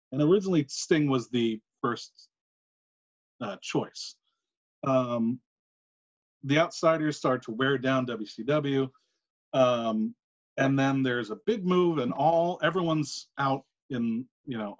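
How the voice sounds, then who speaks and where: A man co-hosting a podcast, telling a long story in a casual, animated way with quick asides. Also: mid-range voice. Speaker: podcast co-host. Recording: muffled lo-fi recording.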